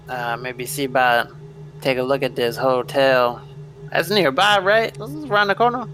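A man voicing a smooth-talking male vampire who speaks in easygoing street slang. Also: medium pitch, normal speed, a bit bright, lightly acted. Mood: casual.

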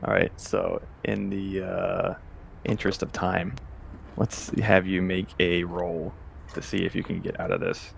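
A man's voice: low voice, animated, measured pace, vocal fry, a little hiss or hum. A man narrating as game master of a tabletop game in a loose, filler-heavy way.

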